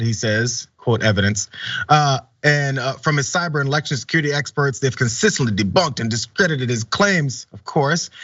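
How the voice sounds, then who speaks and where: A man's voice: mid-range voice, a bit bright, no room sound, dull audio. A man hosting a news commentary show, talking in a sarcastic, conversational way. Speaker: host.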